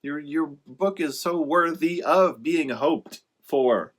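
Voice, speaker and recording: A man whose voice sits a little high speaks slowly as an author advising writers. His casual, motivational talk rambles and doubles back on itself, emphatic and encouraging yet dotted with sarcasm.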